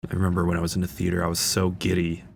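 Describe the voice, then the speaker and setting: Deep-voiced man chatting through a film. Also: completely flat delivery, rapid-fire, vocal fry, a little hiss or hum. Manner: chatty, enthusiastic fan, frequent fillers. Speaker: channel host. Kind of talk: casual film audio commentary.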